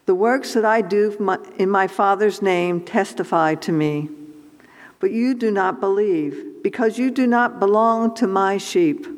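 A man reading scripture aloud in church, slow and measured. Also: sits high. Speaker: scripture reader. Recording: long church reverb from off mic.

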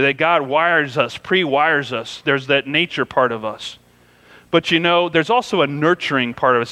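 A man's voice: fairly high pitch, sharp tone, big-room sound. A man preaching a sermon in a conversational, storytelling way, often saying "you know" as he goes. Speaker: pastor.

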